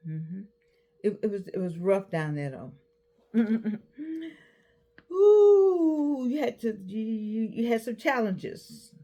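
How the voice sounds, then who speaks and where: A woman in her eighties talking casually to camera, giving advice with animated repeats and restarts. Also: medium pitch. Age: 80s. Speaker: vlogger.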